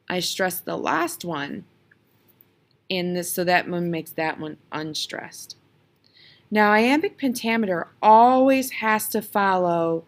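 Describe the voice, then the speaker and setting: A woman's voice: mid-range voice, sing-song, takes it slowly. A woman teaching a lesson on video, patiently explaining step by step and sounding out spoken examples.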